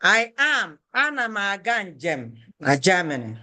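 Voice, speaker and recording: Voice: mid-range voice, very animated, unhurried, pushed and bright. An Igbo language teacher giving a lesson, patiently repeating each phrase and checking in with "okay?".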